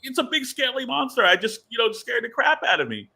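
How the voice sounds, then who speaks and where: A man's voice: very high voice, big pitch swings, brisk, creaky, sharp tone, voice pushed up, exaggerated voice. A man putting on a flustered warrior woman. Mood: panicked. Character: frightened young warrior woman out of her depth.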